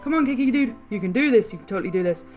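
A woman commentates her own gameplay in a fairly high, slightly hoarse voice, swinging between quick chatter and loud cries of "no" that she repeats over and over. Faint music plays underneath. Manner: excitable, shouts and repeats words at setbacks. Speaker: gaming channel host. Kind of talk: excited game commentary.

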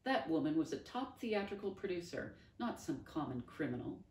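A woman's voice: low-pitched, big pitch swings, normal speed, darkish tone, reverberant, far from the mic, a little hiss or hum. A woman voicing a haughty, snappish male character with a sarcastic, dismissive manner. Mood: scornful.

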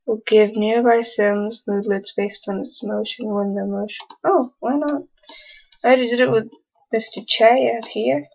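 A woman's voice: a little high, fairly even intonation, moderate pace, creaky, husky, highs cut off. Chatty young woman narrating her gameplay. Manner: chatty, talks to the game characters, teasing. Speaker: let's play gamer. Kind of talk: casual game commentary.

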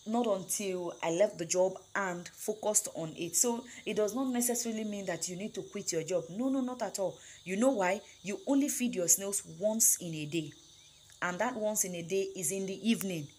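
A woman's voice: mid-range voice, normal speed, a little mellow, slight background noise. A woman teaching snail farming, stressing key words and checking in with "right?" and "okay?". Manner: emphatic, repeats key words with tag questions. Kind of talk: instructional talk.

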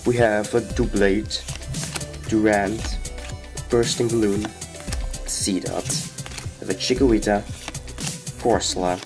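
Deep, slow-talking man with a sick voice. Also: steady tone, rough recording. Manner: unhurried, reads out each card name in turn. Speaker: card-opening channel host. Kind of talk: casual unboxing commentary. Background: background music.

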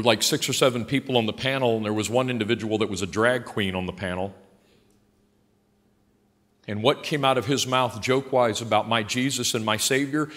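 Fiery older preacher in an echoing church. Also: male voice, lowish voice. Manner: emphatic, swinging from quiet asides to loud passionate outbursts; blunt and folksy. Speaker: pastor. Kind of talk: sermon. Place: large church sanctuary. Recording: long hall reverb in a church.

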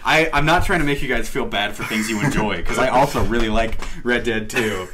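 A young man co-hosts a casual podcast, teasing his friends and restarting his sentences. There is clear noise behind the recording, and his pitch sits in the middle. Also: a little fast. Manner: teasing, hesitant, stumbling restarts. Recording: noisy home recording.

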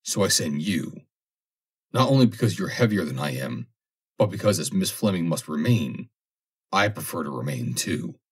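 A man reading an audiobook, voicing a grim, hard-bitten submarine officer with a low, menacing delivery. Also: expressive, normal speed, breathy edge. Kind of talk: audiobook character voice.

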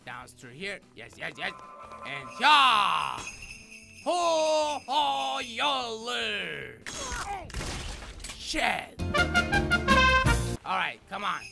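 A man giving excitable game commentary in deliberately broken English, often shouting and swearing, with music playing under his voice. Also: sits high, vocal fry. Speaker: gaming commentator. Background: background music.

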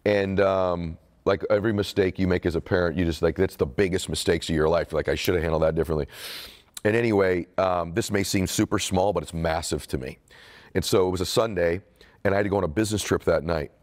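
A middle-aged man telling a personal story in an interview, earnest and confessional, his voice softening when moved. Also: deep voice, fast. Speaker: show host and author being interviewed. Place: live event stage.

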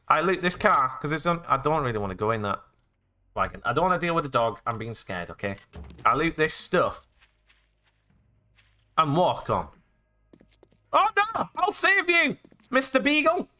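A young British man riffs through his gameplay, narrating every move in the past tense and yelping in surprise. His voice is bright and sits a little high, swinging all over in pitch. A faint hiss sits under the recording. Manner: goofy, swears playfully, narrates own actions in past tense, sudden squeals. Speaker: let's play gamer. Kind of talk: comedic gameplay commentary with self-narration.

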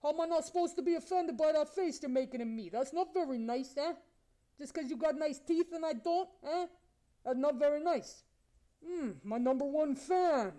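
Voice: sits high, normal speed, warm tone, lightly acted. A performer voicing a brash, ugly, razor-toothed male monster who eats people, taunting strangers with crude mock-flirting. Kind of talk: comedy character improv on a video chat.

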